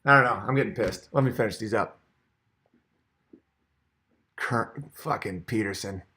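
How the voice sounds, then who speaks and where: A man's voice: on the low side, unhurried, pushed and bright. A man hosting his own channel, ranting in a heated, sarcastic, profane way, with rambling restarts and asides. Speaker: channel host. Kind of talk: comedic rant vlog.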